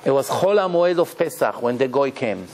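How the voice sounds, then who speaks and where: A man giving a religious lecture as a rabbi, emphatic and animated, repeating key phrases as he tells stories. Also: mid-range voice, normal speed, a little hiss or hum.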